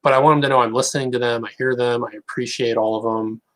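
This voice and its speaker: A young man talking casually to camera in a rambling, halting, wry way. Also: medium pitch, fairly even intonation, fairly bright tone, low-quality recording. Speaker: online creator.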